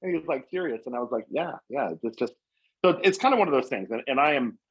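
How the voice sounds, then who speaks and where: A man's voice: mid-range voice, lively intonation, very fast, a bit bright, husky, dull audio. A man who owns a painting company, talking earnestly in a casual podcast interview, rambling with many fillers and restarts. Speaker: painting company owner, guest.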